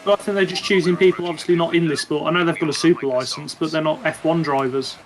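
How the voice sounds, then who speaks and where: A man with a fairly high voice talks through his ideas on a podcast at a steady, thoughtful pace. Faint background noise hums under him. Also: fast talker, poor audio. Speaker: podcast co-host. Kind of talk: casual chat.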